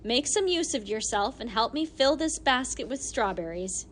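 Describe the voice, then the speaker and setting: A woman reading an audiobook voices a brisk, bossy little old lady who scolds and teases. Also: fairly high pitch, animated, a little hiss or hum, natural voice.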